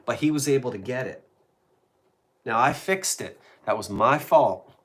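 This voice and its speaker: An older man hosts a live stream in a relaxed, chatty way. His voice rises and falls a lot as he tells a story. He sits in the middle of the pitch range. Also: measured pace. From South Jersey. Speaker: host. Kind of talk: casual live-stream chat.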